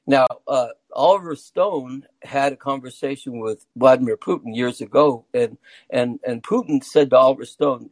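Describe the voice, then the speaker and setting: A man's voice: mid-range voice, moderate pace, darkish tone, dry recording, low-quality recording. Guy on a call-in app, rambles and repeats himself, dry close sound. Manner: rambling, repeats words while building an argument. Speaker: caller. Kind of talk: casual call-in discussion. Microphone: phone through a call-in app.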